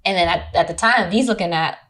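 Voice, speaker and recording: A woman's voice: on the low side, a little fast. A young woman from California, a podcast guest, chatting casually and telling a dating story with lots of swearing and acted-out quotes. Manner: animated storyteller who swears freely and acts out quotes. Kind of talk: casual chat.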